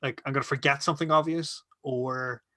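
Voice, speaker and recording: A man's voice: medium pitch, steady tone, a little fast, sharp tone. A young man co-hosting a podcast, teasing his co-host in casual chat. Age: young adult. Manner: teasing, playful.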